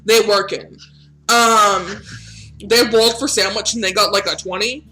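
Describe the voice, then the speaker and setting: Chatty woman running a tabletop game, bright voice, lots of ums and likes, swears a bunch, faint music. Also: mid-range voice, steady tone, measured pace. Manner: casual, chatty, swears freely, many fillers like "um" and "like". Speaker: game master.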